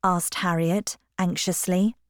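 A woman narrating a chapter of a novel in slow, clear scripted narration. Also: on the low side, steady tone, no room sound, studio quality.

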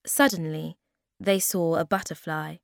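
A woman reading a children's story aloud in a gentle, unhurried way. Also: low voice, steady tone, gravelly, dry recording, studio quality. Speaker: storybook reader.

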